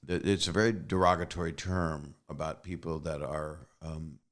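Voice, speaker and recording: Deep-voiced man, self-mocking host. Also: little pitch movement, moderate pace, a bit bright. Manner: rambling, self-deprecating joking. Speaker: podcast host. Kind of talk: casual chat.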